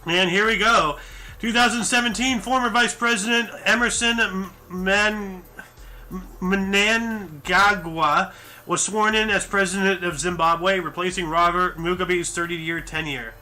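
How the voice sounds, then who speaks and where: Bright, high-voiced guy reading dates. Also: steady tone, unhurried. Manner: chatty, rattles off scores, jokey asides. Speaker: podcast host reading history events. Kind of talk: casual chat reading off a list.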